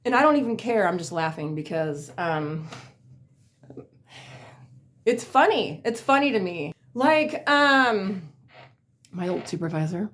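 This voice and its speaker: A woman's voice: medium pitch, sing-song, a little slow, pauses often, a bit bright. A woman casually telling funny work stories on her vlog, rambling with lots of fillers and laughing at herself. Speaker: vlogger. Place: at home in a chair.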